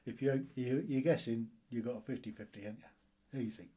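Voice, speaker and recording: A man hosting a casual quiz video, chuckling often and reading the questions out slowly. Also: medium pitch, steady tone, dark tone, slightly rough. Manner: chuckling, self-deprecating, reads questions slowly. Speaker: quiz host.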